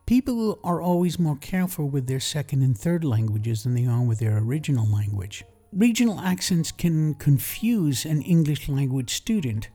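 Man, New York accent, middle-aged, English teacher podcast, measured lesson, warm mellow tone. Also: on the high side.

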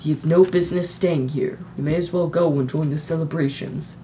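A teenage reader voicing a wise, calm elderly male wizard headmaster in an amateur audiobook, speaking in measured explanations. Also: mid-range voice, slight background noise, close to an everyday voice.

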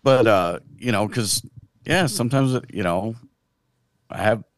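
Unhurried and low-voiced, this podcast co-host muses casually about faith, frequently letting his thoughts drift off partway through. The recording has no room sound.

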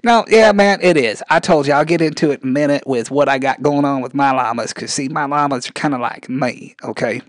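A man's voice: medium pitch, brisk, few pauses, no room sound, lightly acted. A man doing a rambling redneck. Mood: defensive. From rural Arkansas. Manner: rambling, drawling, says "man" constantly. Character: scrawny rural Southern man, rambling, touchy. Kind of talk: comedic character interview.

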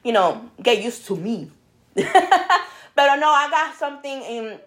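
A woman's voice: high-pitched, big pitch swings, takes it slowly, fairly bright tone. A woman with a Spanish accent, co-hosting a podcast in casual chat, mixing English and Spanish and laughing often. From New York. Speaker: podcast co-host.

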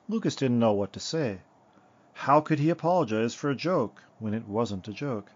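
Man calmly narrating a storybook. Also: mid-range voice, moderate pace, highs cut off.

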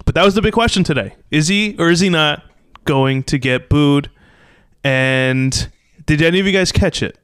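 A young man from the New York area hosting a casual sports podcast, animated and blunt, acting out little quoted exchanges. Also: on the high side, moderate pace, smooth, no room sound. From New York metropolitan area. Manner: animated, talks in restarts and acted-out quotes, blunt opinions. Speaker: podcast host.

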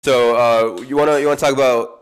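A man's voice: medium pitch, fairly even intonation, a little fast. A young man co-hosting a podcast, talking casually and rambling with frequent restarts and fillers. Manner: rambling, hesitant, many restarts. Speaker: podcast co-host. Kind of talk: casual chat.

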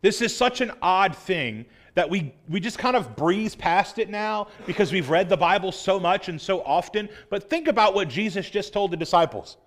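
A high-pitched man delivers a Sunday sermon. He teaches earnestly, then slips into relaxed, chatty asides to his congregation. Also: normal speed, hardly any pauses. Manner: earnest, conversational preaching with casual asides. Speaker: pastor.

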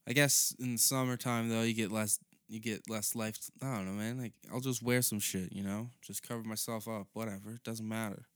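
A man's voice: on the low side, fairly even intonation, fairly quick, few pauses, dry recording, studio quality. A young man doing a rambling, profane comedic monologue as a podcast host.

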